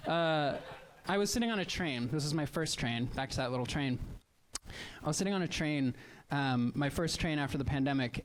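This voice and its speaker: On a live comedy stage, a man with a Midwestern American accent works through a stand-up set, telling stories in a chatty, wry style full of quick asides. His voice is mid-range.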